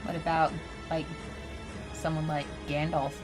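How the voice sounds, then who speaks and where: A woman's voice: sits low, level tone, a little slow, darkish tone, faint music behind. A woman chiming in off-mic with brief, agreeable suggestions.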